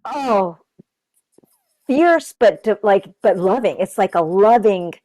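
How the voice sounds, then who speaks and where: A woman's voice: mid-range voice, lively intonation, slow, dark tone, no echo. A woman from Japan, a guest in a casual spiritual conversation, talking earnestly and loosely with many fillers. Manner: earnest, loose, full of "like" and "you know". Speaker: interview guest.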